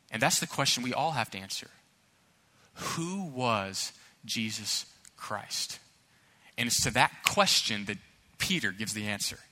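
A man's voice: fairly high pitch, sharp tone. A male pastor preaching a sermon with emphatic, earnest delivery and storytelling asides, recorded in a church sanctuary. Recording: long hall reverb in a church.

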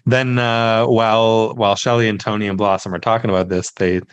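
A man with a fairly low voice talks through a TV episode on a podcast. He is relaxed and loose, trailing off into fillers as he goes. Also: fairly quick, smooth, muffled recording. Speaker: podcast co-host. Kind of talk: casual chat recapping a TV episode.

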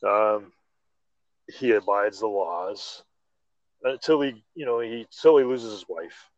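A man hosting a casual chat, excitable and full of stammered restarts. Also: lowish voice, takes it slowly, no echo. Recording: slightly dull lo-fi audio.

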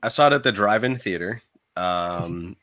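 A man's voice: sits low, normal speed, bright, forceful tone. A man co-hosting a casual podcast, talking with enthusiasm and laughing often. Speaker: podcast co-host. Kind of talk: casual chat.

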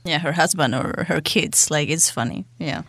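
A woman's voice: sits low, normal speed, a bit bright, no room sound, clean studio sound. Playful woman podcast host. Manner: playful, teasing, laughs often. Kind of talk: casual chat.

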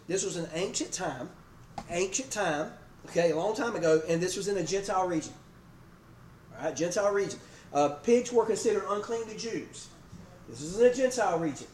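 A high, slightly mellow male voice leads a folksy sermon, checking in with people by name and asking "okay?" and "amen?" along the way. The setting is a church sanctuary, recorded from afar in an echoey room with faint noise.

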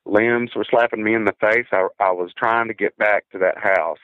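A man earnestly telling a frightening story from his own childhood, halting and repeating words as he goes. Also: lowish voice, fairly even intonation, dry recording. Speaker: guest telling a personal encounter story. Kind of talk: first-person encounter story. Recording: tinny phone line, dry.

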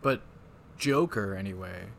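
A man co-hosting a casual movie podcast, retelling scenes in a loose, profane, animated way. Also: low-pitched, a little slow, creaky, slight background noise. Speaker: podcast co-host.

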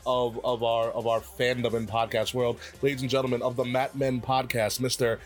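A man's voice: mid-range voice, little pitch movement, fairly quick, faint music behind. A man hosting a casual podcast, giving grandiose announcer-style introductions. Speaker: podcast host and general manager.

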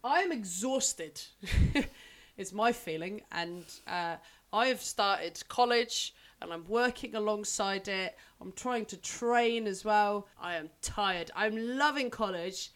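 A woman's voice: medium pitch, slow, fairly bright tone. Chatty young woman with a cold. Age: young adult. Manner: chatty, laughs often, swears casually. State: recovering from a cold, deeper voice. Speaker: podcast co-host. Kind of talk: casual chat.

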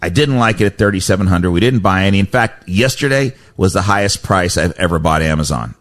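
A male radio host with a fairly low voice talks in a loose, rambling way, often restarting his sentences. He sounds like a relaxed studio chat about the markets. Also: fairly quick. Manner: rambling, self-correcting, chatty. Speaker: radio host, stock advisor.

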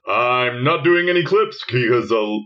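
A man as host making halting show announcements. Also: mid-range voice, expressive, lo-fi sound. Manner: halting, restarts lines.

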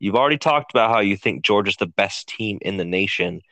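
A man's voice: on the low side, animated, a little fast, pushed and bright, no echo. A man co-hosting a podcast, leading a casual sports chat in an easygoing, conversational way. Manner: easygoing, conversational, leads the questions. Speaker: podcast co-host.

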